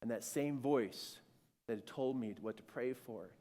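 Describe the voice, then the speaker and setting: A man telling a personal spiritual story, animated and acting out scenes, swinging between hushed and shouting. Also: medium pitch, measured pace, in a large hall.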